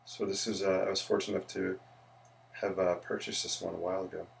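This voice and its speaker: Gravelly-voiced chatty man sketching live. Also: low-pitched, little pitch movement, fast. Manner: chatty, greets viewers, rambling asides. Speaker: livestream host and architect. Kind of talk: casual livestream chat while sketching.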